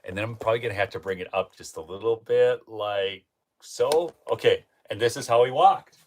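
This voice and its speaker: A man's voice: lowish voice, fairly quick. A man from northern Minnesota hosting a casual commentary livestream, rambling and chatty with many fillers and restarts. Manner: breaks into laughter while telling stories. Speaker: show host.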